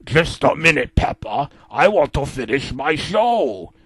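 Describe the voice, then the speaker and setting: A man voicing a tired, put-upon cartoon father pig who talks slowly and grumbles. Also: very animated, fairly bright tone, husky, no room sound, studio quality, full character voice. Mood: weary. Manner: slow, lower, grumbling.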